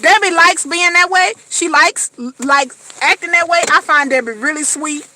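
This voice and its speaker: Woman, high voice, bright tone, profane, emphatic, casual rant. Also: moderate pace, slight background noise. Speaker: reality TV commentator. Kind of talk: casual ranting commentary.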